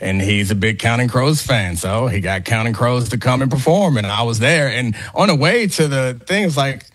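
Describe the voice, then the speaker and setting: A man's voice: mid-range voice, expressive, moderate pace, a bit bright, dry recording. A middle-aged man co-hosting a casual sports talk show, teasing his colleagues with playful trash talk and laughing often. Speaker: co-host.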